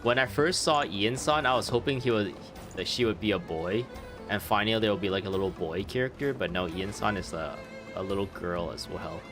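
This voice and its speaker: A man's voice: lowish voice, fairly quick, over music. A man chatting casually over gameplay, rambling and laughing often. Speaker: game streamer. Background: game audio.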